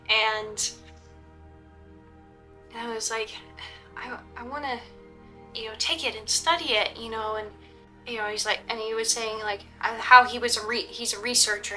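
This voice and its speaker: Bright-voiced young woman telling a story. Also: on the high side. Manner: rambling, many fillers and restarts, acts out quoted dialogue. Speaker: vlogger recounting a LARP event. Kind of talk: casual storytelling vlog narration.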